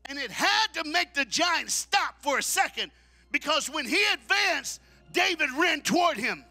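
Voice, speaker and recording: A man preaching a sermon at a men's conference, shouting call-and-response lines and dropping into low, quick asides. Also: big pitch swings. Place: church hall at a men's conference.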